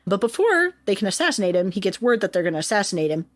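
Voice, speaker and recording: A woman's voice: mid-range voice, racing, no echo. A woman co-hosting a podcast, retelling history casually with lots of swearing and jokes. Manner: profane, animated, jokey retelling. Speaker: podcast co-host.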